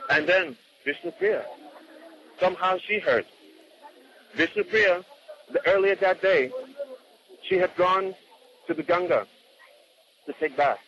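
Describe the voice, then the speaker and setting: A man earnestly retelling a devotional story as a sermon, asking rhetorical questions along the way. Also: high voice. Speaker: spiritual storyteller. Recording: dull lo-fi recording with faint hiss.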